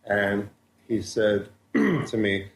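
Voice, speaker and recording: A man co-hosting a radio talk show, telling a story with animated delivery and chuckles. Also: lowish voice, normal speed. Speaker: radio co-host. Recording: echoey studio with faint hiss.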